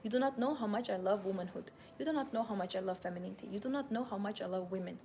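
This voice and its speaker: A young woman speaks with steady, emphatic conviction, pressing each point home as she hosts her live talk. Her voice sits in an ordinary middle pitch, and a faint hiss runs beneath it. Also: racing. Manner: passionate, emphatic, self-assured. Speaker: host and femininity coach. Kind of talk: live-streamed motivational talk.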